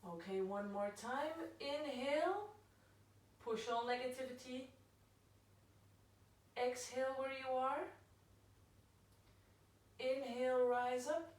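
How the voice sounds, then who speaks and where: A woman leading a live yoga class, calmly cueing breaths and poses. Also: high-pitched. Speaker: yoga instructor. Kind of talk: guided yoga class instruction. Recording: very echoey room, voice from far off.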